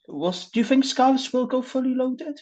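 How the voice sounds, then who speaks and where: A man's voice: very high-pitched, moderate pace, a little mellow. A man chatting casually on a rugby podcast, easygoing and a little hesitant with plenty of fillers. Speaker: podcast panelist. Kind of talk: casual chat.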